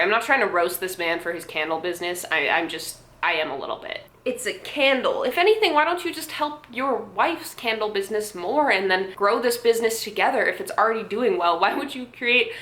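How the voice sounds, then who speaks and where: A woman's voice: mid-range voice, bright, forceful tone. A young woman vlogger giving blunt, sarcastic commentary, swearing and laughing often. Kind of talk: casual commentary. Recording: echoey room.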